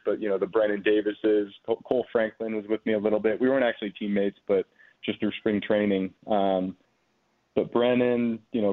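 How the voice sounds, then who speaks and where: Man on a tinny phone line. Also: lowish voice. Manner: relaxed storytelling, frequent fillers. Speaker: guest, former pitcher. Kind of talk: casual phone interview.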